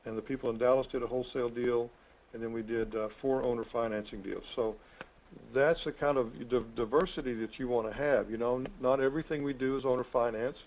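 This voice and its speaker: Over tinny, phone-like web call audio, a man hosts an online real estate coaching call. He talks fast at a medium pitch with a steady tone, in a folksy, rambling, chatty way.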